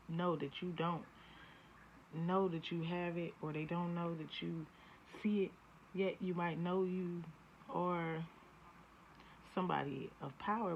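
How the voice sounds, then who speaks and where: A woman giving a casual spiritual tarot reading, talking bluntly and profanely, and she often builds into heated rants. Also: deep voice. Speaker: spiritual reader. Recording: dull lo-fi audio, faint hiss.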